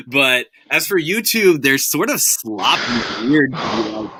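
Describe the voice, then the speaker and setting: A man's voice: mid-range voice, big pitch swings, slow pace, a crowd in the background. A man hosting a casual live stream, rambling, laughing and swearing as he talks. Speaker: stream host.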